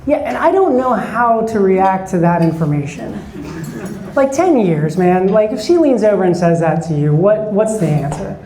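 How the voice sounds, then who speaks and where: A man's voice: sits high, big pitch swings, moderate pace, dark tone, reverberant, low-quality recording. A man in his forties doing a stand-up set, chatting and bantering with the audience from a club stage. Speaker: stand-up comedian. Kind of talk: stand-up set with crowd work.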